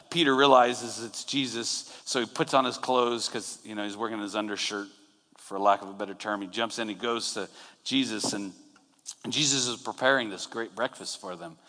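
A man preaching a sermon in a relaxed, conversational way, retelling scenes and acting out quotes. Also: medium pitch, normal speed. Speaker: pastor. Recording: long hall reverb.

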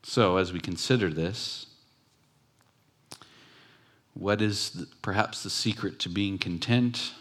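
A man with a fairly low voice preaches a sermon. He talks in a relaxed, conversational way, but leans hard on key phrases and repeats them for emphasis. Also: slow, long pauses. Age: adult with children. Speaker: pastor.

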